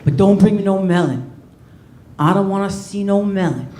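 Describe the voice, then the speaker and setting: A woman doing an impression of a gruff, older tough-guy mobster who mumbles threats with a drawn-out "uh". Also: mid-range voice, warm tone, echoey room, slight background noise, voice pushed down, lightly acted. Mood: menacing. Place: comedy club stage.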